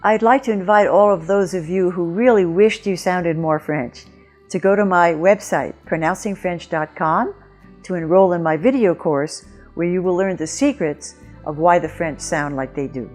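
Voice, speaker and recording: Female pronunciation teacher, low-set voice, slow careful modeling, faint music bed. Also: darkish tone. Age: older. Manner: clear, deliberate, models sounds slowly. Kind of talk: scripted video lesson.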